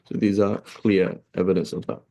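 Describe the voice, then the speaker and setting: Gravelly low-voiced male teacher. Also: fairly even intonation, normal speed, dark tone. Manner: conversational, many fillers and rhetorical "right?". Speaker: Islamic teacher. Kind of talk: casual classroom lecture.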